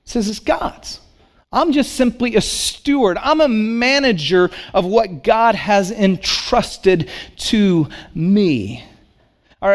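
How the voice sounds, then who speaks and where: High-voiced man preaching a sermon. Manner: storytelling, conversational. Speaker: pastor.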